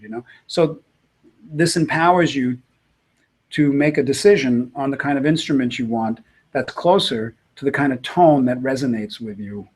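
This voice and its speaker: A man's voice: medium pitch, normal speed, husky. A middle-aged man, a guitarist, answering interview questions in a loose, rambling way with many fillers and restarts. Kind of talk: casual interview talk.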